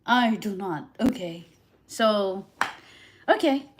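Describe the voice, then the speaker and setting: A woman's voice: medium pitch, expressive, slow, background noise. A woman streaming live, casually chatting with her viewers, asking them questions and answering back.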